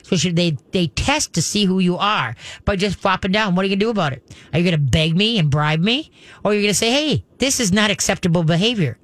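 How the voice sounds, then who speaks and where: A woman's voice: lowish voice, no room sound. A woman hosting a call-in radio show, chatting, giggling and rambling through advice for a caller.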